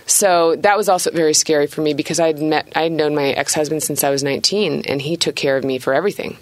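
A woman's voice: sits low, fairly even intonation, quick pace, no room sound. A woman in her thirties, an artist guest chatting casually on a podcast, talking with many restarts and frequent laughs.

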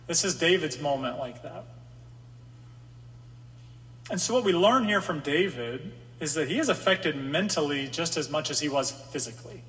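A male pastor gives a sermon in a relaxed, conversational way, with a slightly higher than usual voice. Now and then he steps into the psalmist's pleas. His voice carries a long reverb, as if it were filling a large hall. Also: moderate pace. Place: room with an audience.

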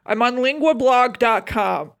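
A woman co-hosting a casual movie-review podcast, with a fairly high voice. She talks bluntly and swears freely, with an animated, opinionated delivery. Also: unhurried, gravelly, clear, resonant tone. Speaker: podcast co-host.

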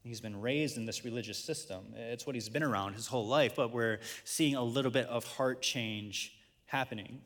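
A man's voice: medium pitch, normal speed, big-room sound. A man in his thirties, a pastor preaching a sermon and working through scripture points with a personal story. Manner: storytelling, rising to excited peaks.

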